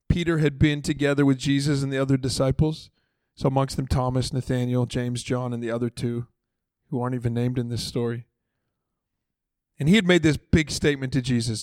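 A man's voice: mid-range voice, steady tone, brisk, a little mellow, dry recording. A man preaching a sermon in a conversational way, acting out the dialogue of the story in casual, everyday voices. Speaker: pastor.

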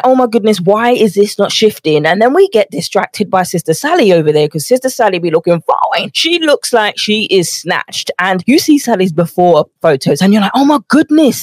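A woman's voice: mid-range voice, no room sound. A woman, a nutrition coach hosting a motivational podcast from her home office. She is chatty and acts out quoted voices, a little out of breath from walking on a treadmill pad.

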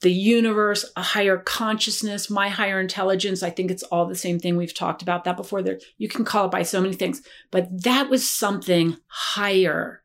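A woman's voice: medium pitch, steady tone, fairly quick, hardly any pauses. A woman who works as a life coach, a podcast guest telling a personal story in an earnest, reflective way. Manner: earnest, reflective, dips quiet at tender moments.

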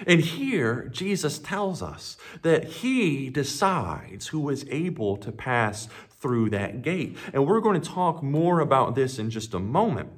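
A man's voice: medium pitch, big pitch swings, takes it slowly, hardly any pauses, breathy edge. A male pastor preaching a sermon with emphatic delivery, building up as he quotes scripture.

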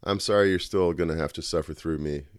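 A man with a cold and a nasal voice, hosting a devotional podcast where he prays earnestly and reads scripture aloud, pausing and restarting now and then. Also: a bass voice, clean tone, no room sound, clean studio sound. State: has a cold. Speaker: podcast host reading scripture. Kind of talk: prayer and Bible reading.

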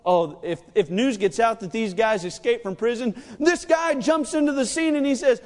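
A man preaching a sermon, telling the story with animated energy and acting out the lines of the characters. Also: very high voice, moderate pace. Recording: long reverb of a large hall.

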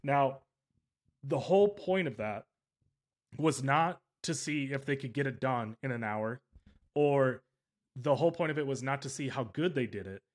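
A man's voice: medium pitch, moderate pace. Rambling, emphatic male podcast host. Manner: rambling and emphatic, with frequent self-corrections. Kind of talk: casual interview chat.

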